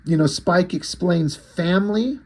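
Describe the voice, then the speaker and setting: A man recaps a comic book in a chatty, loose way, dropping fillers and the odd swear word. His voice is slightly husky and sits a touch high for a man. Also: a little slow, darkish tone. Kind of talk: casual recap and review.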